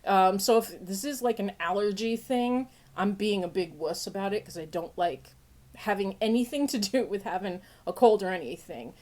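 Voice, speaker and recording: A woman hosting a podcast in a playful casual chat, laughing often, with a sniffly nose. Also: normal speed. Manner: playful, laughs often, big pitch jumps when excited. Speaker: podcast host.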